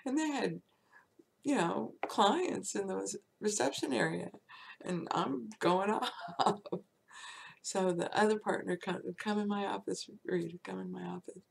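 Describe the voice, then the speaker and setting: A woman's voice: medium pitch, takes it slowly, gravelly, breathy edge. A woman in her sixties telling a frank story from her own life, laughing often as she goes. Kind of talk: casual personal storytelling.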